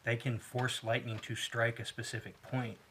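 A man's voice: mid-range voice, normal speed, background noise. A man co-hosting a casual talk show, telling rambling stories with lots of restarts. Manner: rambling, animated storyteller with many restarts. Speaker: podcast co-host. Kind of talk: casual chat.

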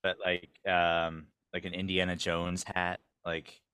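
A man's voice: sits low, completely flat delivery, slow, sharp tone, clean tone. A man co-hosting a podcast, chatting casually with frequent laughter and side comments. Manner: laughs often, chatty asides. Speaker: podcast co-host. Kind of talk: casual recap chat.

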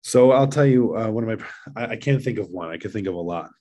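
A middle-aged man with a very low voice speaks earnestly in a relaxed podcast chat. He often restarts and repeats himself as he searches for words. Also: fast talker. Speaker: guest, father of seven. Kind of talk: casual podcast conversation.

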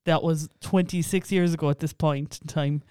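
A man's voice: fairly high pitch, steady tone, moderate pace, warm tone, clear, resonant tone, no room sound, clean studio sound. A young Irish man co-hosting a podcast in casual chat, filling his talk with "yeah" and "like". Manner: chatty, lots of fillers and "yeah, yeah". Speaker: podcast co-host.

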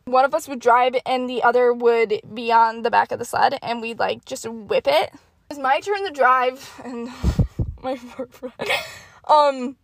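Young woman, podcast host, high voice, gravelly fry, self-mocking, swears a lot, casual storytelling, dry close mic. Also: unhurried, no room sound.

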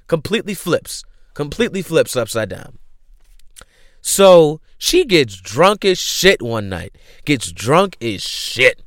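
Animated young man retelling a plot. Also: mid-range voice, no echo, clean studio sound. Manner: animated storytelling, acts out characters' lines, heavy slang and swearing. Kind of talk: casual retelling of a show's plot.

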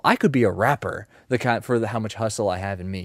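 A man hosting a casual solo podcast from his mom's house, rambling in a joking, self-mocking way with animated swings in loudness. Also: medium pitch, fast talker, hardly any pauses, dry recording, clean studio sound. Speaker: podcast host and streamer.

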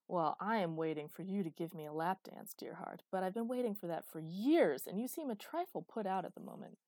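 A woman reading a teasing, flirtatious grown man, mock-romantic and deadpan, in an audiobook. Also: lowish voice, a little fast, no echo, lightly acted. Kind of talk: audiobook character voice.

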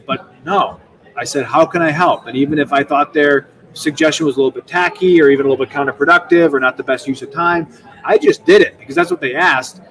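A young man speaking as a guest in a casual interview. He talks in a rambling, animated way, restarting often. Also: fairly high pitch, brisk, far from the mic, rough recording. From United States. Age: young adult. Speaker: state legislator guest.

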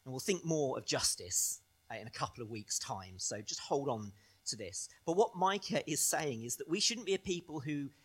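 A male pastor preaching a sermon in an animated way, swinging between loud stresses and soft, quiet phrases. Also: mid-range voice, moderate pace, slightly rough.

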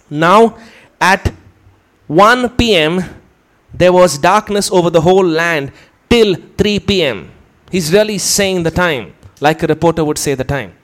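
A man preaching a teaching sermon, explaining step by step and putting questions to his listeners. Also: fairly high pitch.

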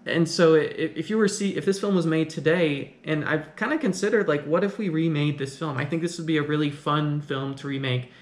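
Man, casual film commentator, somewhat high voice, loose rambling delivery, echoey room. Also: a little fast, hardly any pauses. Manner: conversational, rambling, with frequent restarts. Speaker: film reviewer.

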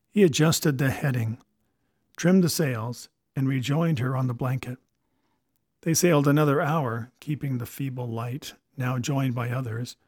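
Steady male audiobook narrator. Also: mid-range voice, slightly rough, no room sound, studio quality.

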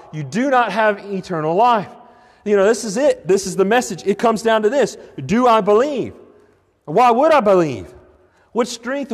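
High-voiced preacher in a reverberant hall. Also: male voice. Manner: questioning, emphatic, with many restarts. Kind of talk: sermon.

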